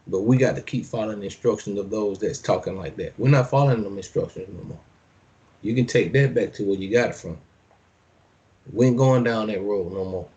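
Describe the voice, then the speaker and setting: A man's voice: lowish voice, darkish tone. Man preaching with scripture and slang asides. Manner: reads verses slowly and solemnly, then comments in loose street slang; preaching cadence, repeats phrases for emphasis. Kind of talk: sermon, reading scripture with commentary.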